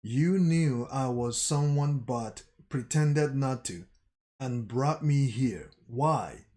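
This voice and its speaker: A man's voice: medium pitch, slow, a little mellow, lightly acted. A man voicing a wary young boy soldier who asks probing questions in a plain voice. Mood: suspicious.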